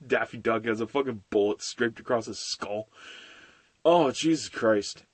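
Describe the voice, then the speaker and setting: A man's voice: mid-range voice, measured pace, dry recording. A man in his late twenties giving a rambling, profane, casual film review with frequent laughs. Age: late 20s.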